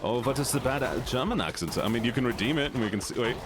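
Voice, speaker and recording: A man streams a game with music playing behind him, chatting playfully and casually with his viewers. His voice is medium-pitched with lively intonation, and he talks quickly.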